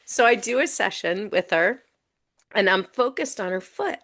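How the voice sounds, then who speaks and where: A woman guest in a podcast interview, telling stories in a casual, animated way with many "um"s and "you know"s. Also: mid-range voice, normal speed. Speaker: guest coach.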